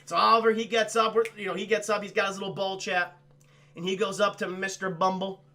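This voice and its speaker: Streamer recapping a film for chat: a high, gravelly male voice with a bright edge, profane and rambling. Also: flat delivery, brisk. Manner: profane, rambling, mocking impressions. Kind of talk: crude comedic film recap.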